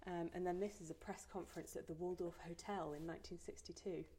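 A woman with a somewhat low voice conducts an oral history interview. She speaks politely and encouragingly, steering gently with her questions. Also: fairly even intonation, quick pace, husky.

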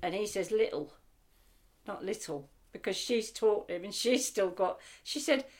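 An older woman with a Norfolk accent talks through her memories in an easy, anecdotal way. She livens up when she quotes what other people told her. The conversation is casual and unhurried. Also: medium pitch. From Norfolk, England. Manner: chatty, anecdotal, animated when quoting people. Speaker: interviewee.

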